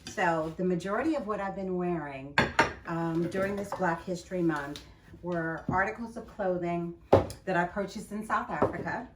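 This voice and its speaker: An older woman chatting casually to camera in her home kitchen, talking warmly and laughing often as she makes juice. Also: fairly low pitch, normal speed. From United States. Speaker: home juicing vlogger. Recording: roomy kitchen, mic at a distance, loud appliance noise.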